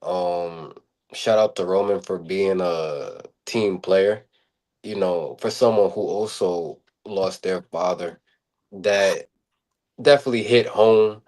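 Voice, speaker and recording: Male podcast co-host, lower voice, rambling casual talk. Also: slow pace, darkish tone. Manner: rambling, filler-heavy, repeats words. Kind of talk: casual chat.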